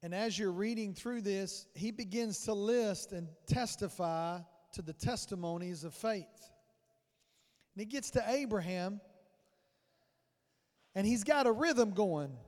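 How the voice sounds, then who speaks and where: A man preaching a rhythmic, repetitive sermon as pastor, building to fervent, loud delivery. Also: high-pitched, measured pace, long reverb tail. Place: church sanctuary. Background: loud music.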